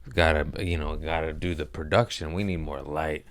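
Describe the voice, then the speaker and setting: A man's voice: extremely low pitch, steady tone, normal speed, dry recording. A young man hosting a podcast in a podcast room, chatting casually in a rambling, profane, joking way. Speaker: podcast host. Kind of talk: casual comedic podcast chat.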